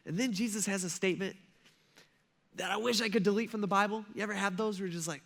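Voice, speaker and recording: A man's voice: sits high, quick pace, fairly bright tone. A male pastor preaching a sermon in a conversational, emphatic way, often checking in with his listeners.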